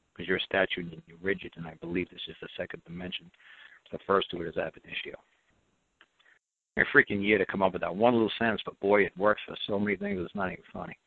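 A man's voice: on the low side, vocal fry, no echo. A man hosting a call-in radio show, talking bluntly and emphatically and repeating his points. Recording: dry, tinny phone-like audio.

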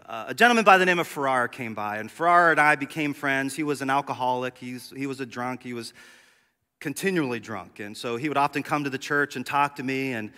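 A male pastor preaching a sermon, telling a story with lively acted-out dialogue. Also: fairly high pitch, in a large hall. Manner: animated storyteller, acts out dialogue. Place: church sanctuary.

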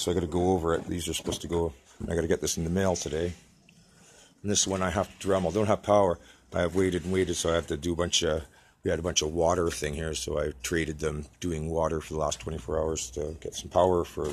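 A man's voice: deep voice, a little mellow, slight background noise. A man from Canada ranting in a rambling vlog from his workshop, swearing constantly and agitated as he shows off his model builds. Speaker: self-employed model builder.

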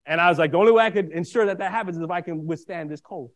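A minister with a fairly high voice tells a personal story from the pulpit at a quick clip. He stays animated and keeps checking in with his listeners as he goes. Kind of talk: storytelling sermon.

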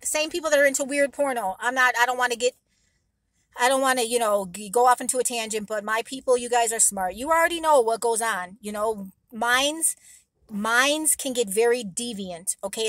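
A woman's voice: on the high side, fairly bright tone, no echo. A woman vlogger giving rambling, emphatic advice to her viewers in a casual monologue, blunt and sometimes swearing.

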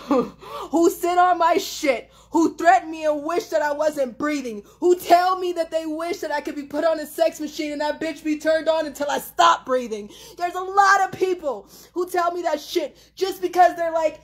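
Young woman, high voice, impassioned and profane livestream rant. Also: normal speed. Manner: emotional, profane, swings between shouting and laughing. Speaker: livestream host.

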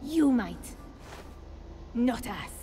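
An actress playing a fierce young female resistance fighter and former nurse in a video game cutscene, going from low, threatening hushes to angry outbursts. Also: lively intonation, drawn-out words, slight background noise.

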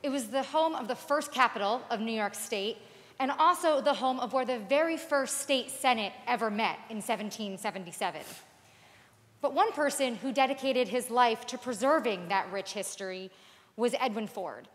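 A woman's voice: a little high, normal speed, fairly bright tone. A woman giving a floor speech in an earnest, explanatory way. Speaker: state senator. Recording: long reverb of a large chamber.

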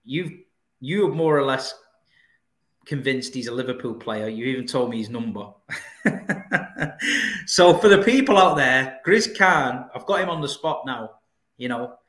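A man's voice: mid-range voice, animated, unhurried, pauses often, fairly bright tone, roomy sound. A man hosting a casual football chat, talking in a laid-back, blokey way. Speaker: football channel host.

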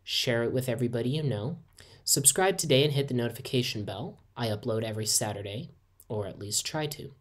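A woman reading an absurd, crude parody story aloud with a deadpan delivery. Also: very deep voice, brisk. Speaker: fanfiction reader.

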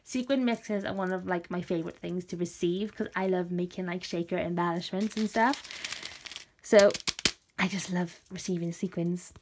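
A woman's voice: on the low side, moderate pace, a little hiss or hum. Gushing woman unboxing craft mail. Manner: gushing, gasping with delight. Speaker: craft vlogger. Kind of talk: casual unboxing chat.

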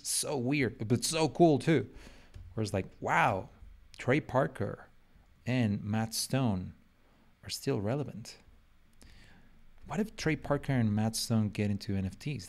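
A man's voice: lowish voice, darkish tone. A man for whom English is a second language, chatting in a rambling, joking way during a live drawing stream. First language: not English. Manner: rambling, self-mocking, joking. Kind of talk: casual live-stream chat while drawing.

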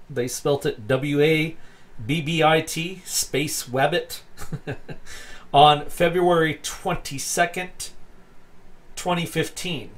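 A man slowly reading articles aloud for a video, stumbling over words and adding amused asides. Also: on the high side, a bit bright. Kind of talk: casual read-aloud commentary.

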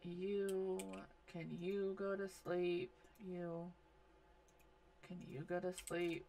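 A woman's voice: fairly low pitch, slow pace. Exasperated woman narrating her game. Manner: exasperated, bossing game characters around. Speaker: gaming video host. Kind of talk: casual gameplay commentary.

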